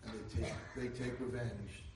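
A man giving an inspirational Torah lecture, telling a story and building to loud, emphatic peaks. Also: mid-range voice, flat delivery, normal speed, distant mic, background noise. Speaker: rabbi lecturer. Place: lecture hall. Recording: echoey hall, speaker away from mic.

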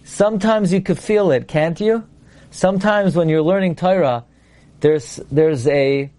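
A man's voice: on the high side, a little mellow. A man teaching a Torah lecture, emphatic, asking his listeners rhetorical questions and quoting Hebrew and Aramaic texts before translating them.

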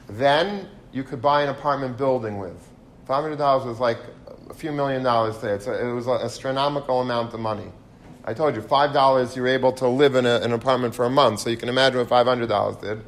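A man giving an animated storytelling lecture, mixing in Hebrew and Yiddish terms. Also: medium pitch, brisk.

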